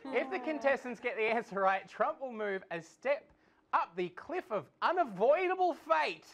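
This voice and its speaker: A man's voice: very high voice, very animated, moderate pace, a crowd in the background. A man hosting a live comedy quiz show in a studio, jokey and chuckling as he reads out questions.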